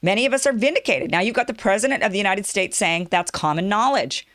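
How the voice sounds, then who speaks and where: A woman hosting her own political commentary show, talking in an animated, sarcastic way and mocking her opponents. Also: mid-range voice, fast talker, no echo, studio quality. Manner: animated, sarcastic, mocks opponents in quoted voices.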